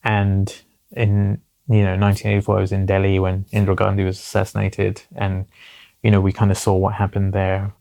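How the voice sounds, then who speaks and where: A man's voice: low voice, completely flat delivery, a little fast, vocal fry, dark tone. A man in his forties, a guest in an interview, talking earnestly and reflectively and often adding "basically" and "you know".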